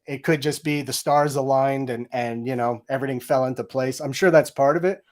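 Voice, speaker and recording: A man's voice: mid-range voice, fairly even intonation, a little fast, a little mellow. A middle-aged man telling a story with energy in an interview, acting out his own quoted lines. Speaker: guest, game audio director.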